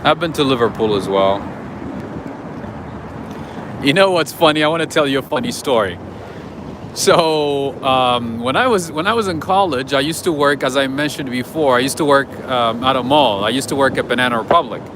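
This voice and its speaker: A man's voice: mid-range voice, normal speed. A man hosting an unscripted walking livestream, chatting and rambling through stories outdoors on city streets. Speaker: livestream host. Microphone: handheld camera while walking. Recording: loud street traffic noise.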